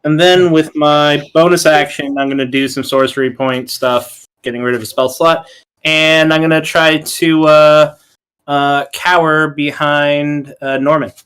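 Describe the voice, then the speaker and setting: A man's voice: a little high, fairly even intonation, unhurried, a bit bright, clean tone. A man playing a tabletop game, casually rambling through rule explanations with lots of fillers. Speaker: player.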